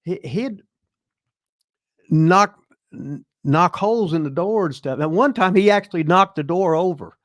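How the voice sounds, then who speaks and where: A man's voice: high-pitched, a little slow, no room sound, studio quality. An older man, the show's host, telling rambling, profane stories in a casual chat and laughing as he goes. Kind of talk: casual storytelling.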